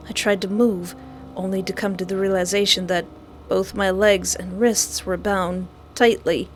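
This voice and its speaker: A woman's voice: medium pitch, flat delivery, normal speed, faint music behind. A woman reading a visual novel aloud, breaking into dramatic, jokey outbursts between the lines of narration. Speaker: gaming video creator.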